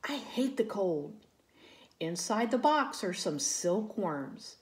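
A woman's voice: mid-range voice, sing-song, slow pace. A woman voicing a drowsy, kind panda in a storybook read-aloud.

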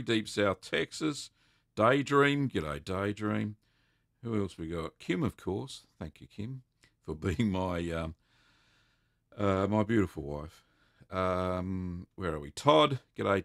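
Gravelly-voiced Australian man, casual livestream chat. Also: fairly low pitch, no echo, clean studio sound. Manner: relaxed, chatty, many ums and uhs. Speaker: livestream host answering cheese-making questions.

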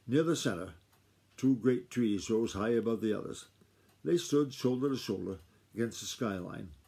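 Mellow husky dad reading aloud. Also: male voice, on the low side. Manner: steady unhurried read-aloud. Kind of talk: reading a novel aloud to his child.

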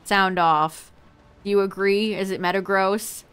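A woman's voice: mid-range voice, steady tone, a little slow, a bit bright, smooth. A woman streaming a game and chatting casually with her viewers, laughing often. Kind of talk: casual live-stream chat.

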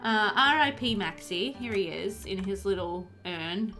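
A woman's voice: mid-range voice, lively intonation, unhurried, bright, forceful tone, faint music behind. A young woman chatting casually on a livestream as a streamer and new mum, talking in a chatty, giggly way with lots of fillers. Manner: chatty and giggly, many fillers like "like" and "um", reads chat aloud. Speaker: game streamer and new mother.

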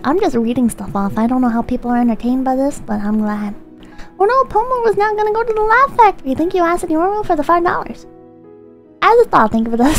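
High-voiced woman reading in soft ASMR. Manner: irreverent, swears, mock-solemn reading of messages. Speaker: streamer host.

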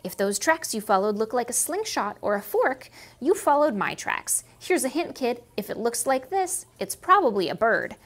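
A woman's voice: a little high, sing-song, normal speed, few pauses, a bit bright. A woman voicing a brash, streetwise crow in a storybook reading, cawing and talking in a cocky, slangy way.

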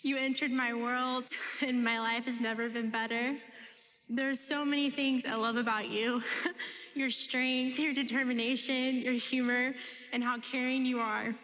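A woman's voice: fairly high pitch, little pitch movement, a little slow, fairly bright tone. A woman, the bride, reading her wedding vows in a tender, emotional voice. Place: wedding venue. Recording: echoey ceremony hall.

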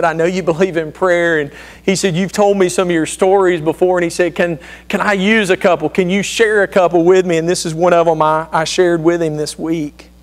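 A man in his thirties preaching a sermon, telling personal stories in an earnest, conversational way with frequent restarts. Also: high-pitched. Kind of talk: sermon storytelling.

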